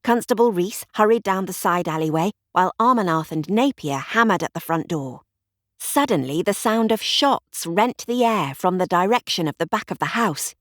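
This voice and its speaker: A woman narrating a mystery audiobook with expressive storytelling. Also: fairly low pitch, moderate pace, no echo, studio quality. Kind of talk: scripted narration.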